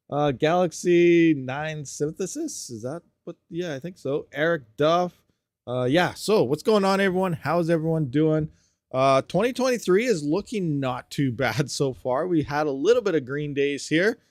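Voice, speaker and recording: Chatty, slightly high-voiced male streamer. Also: no echo, clean studio sound. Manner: chatty and joking, greets viewers by name. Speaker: livestream host. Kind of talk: casual live-stream chat. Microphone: desk mic at a workstation.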